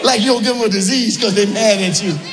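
A man doing a stand-up comedy set, exasperated, shouting his punchlines and laughing through them. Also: sits high, fast talker, soft background music. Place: comedy club stage. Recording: live club audio with crowd noise. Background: audience laughter.

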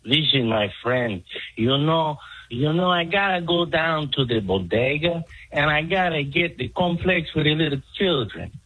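A man putting on a heavily accented voice of a Latino neighbor, slow and exaggerated. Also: a little high, expressive, fairly bright tone, breathy edge, pitched below the performer's own voice, exaggerated voice, rough recording. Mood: playful. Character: male Latino neighbor with a thick put-on accent.

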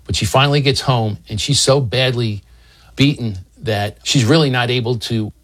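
A man's voice: mid-range voice, normal speed, fairly bright tone. A man recounts a historical incident in an easygoing storytelling manner. He explains as he goes and drops in small asides and restarts, keeping it conversational rather than scripted.

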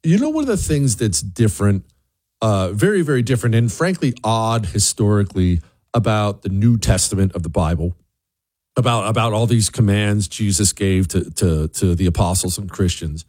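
A man delivering an opinion monologue, full of rhetorical questions and repeated words, who jumps up into high mocking voices when he quotes other people. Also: lively intonation, moderate pace, darkish tone, no echo. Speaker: commentator.

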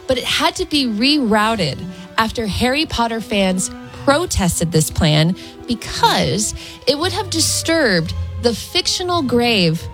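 A woman's voice: a little high, sing-song, slow, soft background music. A woman co-hosting a morning radio show, chatting casually and laughing easily while reading entertainment news.

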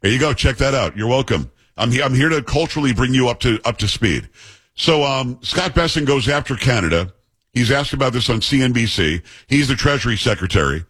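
Husky middle-aged male talk show host. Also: medium pitch, animated, brisk, fairly bright tone, no room sound. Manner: chatty, joking, teasing asides. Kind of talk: casual talk radio monologue and banter.

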